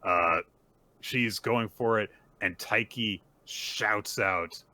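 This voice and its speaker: A man's voice: lowish voice, extremely slow, sharp tone, no room sound. A man co-hosting a casual podcast, animatedly retelling chapters and acting out the characters' lines. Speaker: podcast co-host recapping manga. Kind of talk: casual chat.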